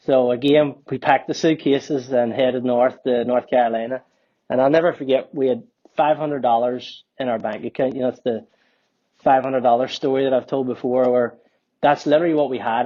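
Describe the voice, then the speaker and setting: A man in his forties from Northern Ireland with a Northern Irish accent, a company co-founder telling his story as a podcast guest in a relaxed, rambling way. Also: mid-range voice, highs cut off. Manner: relaxed, rambling, many ums and restarts. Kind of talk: casual storytelling interview.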